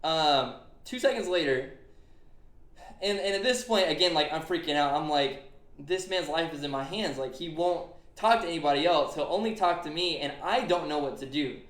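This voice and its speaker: A man's voice: fairly high pitch, moderate pace, a bit bright. A young man hosting a casual podcast, earnestly retelling a conversation with lots of fillers. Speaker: streamer and podcast host. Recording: echoey room.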